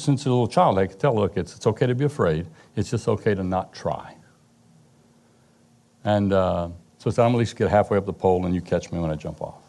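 Middle-aged man, low warm voice, halting storyteller giving a personal testimony. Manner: storytelling, halting restarts, occasional laughs.

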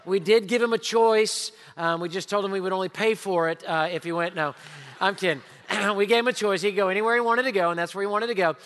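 A man, preaching a sermon as pastor, telling stories with lively swings between loud and hushed. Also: high voice, quick pace. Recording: church hall reverb.

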